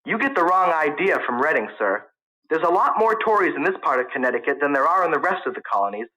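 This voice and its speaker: An eager young student caught between nerves and defiance, as a storyteller puts him on. He talks in a raised, lively voice that climbs when pressed, bright and sharp at the edges. A storybook figure who argues right back. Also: fairly high pitch, quick pace, poor audio. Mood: heated. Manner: eager, defensive. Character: young man, college student, nervous and argumentative.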